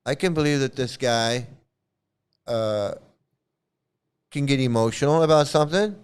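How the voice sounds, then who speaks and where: A man's voice: mid-range voice, unhurried, clear, resonant tone. A man hosting his own channel, talking in a casual, rambling way, often repeating and restarting words, blunt and profane. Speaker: commentary channel host.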